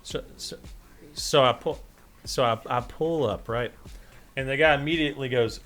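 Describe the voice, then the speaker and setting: A man's voice: mid-range voice, moderate pace, pauses often, soft background music. A man co-hosting a podcast, telling a story in casual chat and acting out the quotes as he goes. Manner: animated storyteller, acts out quotes, swears freely. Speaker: podcast co-host.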